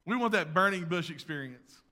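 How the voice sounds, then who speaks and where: High, bright-voiced male preacher in a hall. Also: animated, brisk. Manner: preaching with swings between loud emphasis and hushed asides. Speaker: pastor. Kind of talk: sermon. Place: church sanctuary. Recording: long reverb of a large hall.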